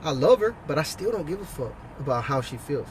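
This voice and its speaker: A man with a notably high-pitched voice talks straight to the listener in a blunt, profane, preachy monologue. He speaks outdoors, with faint traffic noise humming behind him. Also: big pitch swings, fairly quick. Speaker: husband and father giving life advice. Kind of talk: casual monologue to camera.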